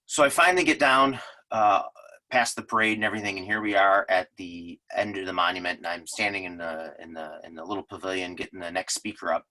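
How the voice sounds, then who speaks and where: A man, giving an earnest presentation to his lodge. His voice sits very low but has a bright, forceful edge, and he tells his stories with plenty of fillers and restarts. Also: fairly even intonation, brisk, poor audio. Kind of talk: unscripted presentation talk.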